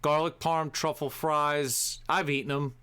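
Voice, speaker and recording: A man hosting a live show, ranting profanely and swinging between shouting and muttering to himself. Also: a little high, flat delivery, measured pace, clear, resonant tone. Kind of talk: profane comedic rant.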